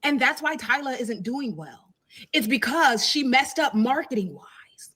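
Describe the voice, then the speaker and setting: Bright, assertive woman explaining. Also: high-pitched, animated, measured pace, husky. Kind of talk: opinion commentary clip.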